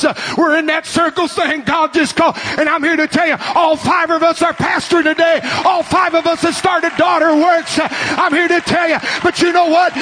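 A man preaching as a pastor, shouting and urging his congregation on, with a crowd heard behind him. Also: extremely high pitch. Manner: shouting, urgent preaching with call-and-response. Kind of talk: sermon.

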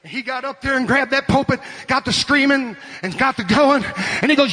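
High, bright-voiced preacher shouting a sermon. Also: male voice, fast talker. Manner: shouting, urgent preaching with call-and-response. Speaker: pastor.

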